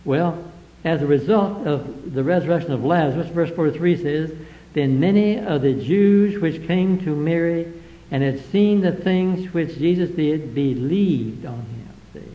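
A male preacher with a fairly high voice, reading the Bible aloud verse by verse and then explaining it simply. The recording is dull and lo-fi, with a roomy echo around him. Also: measured pace. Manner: old-fashioned King James phrasing in quotes.

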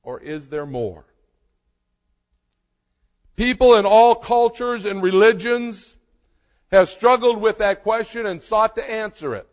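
A man preaching a sermon as a pastor, slow and emphatic, with dramatic pauses. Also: high voice, expressive. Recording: long reverb of a hall.

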